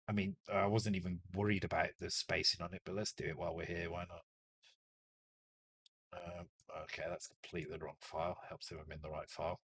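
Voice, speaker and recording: Low-voiced Northern English man coding aloud. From Northern England. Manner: muttering to himself, self-correcting, joking and swearing casually. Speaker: streamer coding a retro game. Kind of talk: live coding stream, thinking aloud.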